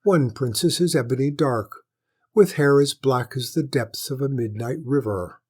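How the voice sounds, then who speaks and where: A man's voice: medium pitch, a little mellow, breathy edge. A man doing a sly, courtly jester. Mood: courtly knowing. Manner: courtly, measured, bowing.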